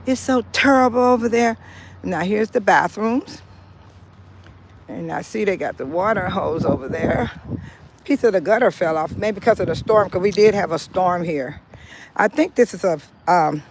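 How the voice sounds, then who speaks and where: A woman talks her way through a casual neighborhood tour. She repeats her points and breaks into sudden loud exclamations. She is recorded on a handheld phone outdoors, with faint traffic noise behind her. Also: on the low side, expressive, normal speed, poor audio. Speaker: local vlogger. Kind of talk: casual walking-tour vlog. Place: driving, then walking outdoors in a park.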